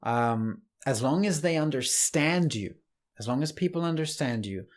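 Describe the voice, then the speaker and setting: A man giving a casual online English lesson, relaxed and chatty, with light laughs and restarts. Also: on the high side, normal speed. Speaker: English teacher.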